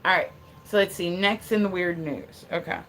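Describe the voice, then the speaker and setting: A rambling, chatty woman streaming live to her viewers. Her lowish voice has a gravelly fry. She laughs easily and swears without a second thought. A faint hiss of noise sits under her voice. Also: normal speed, fairly bright tone. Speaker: livestream host. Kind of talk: casual livestream chat.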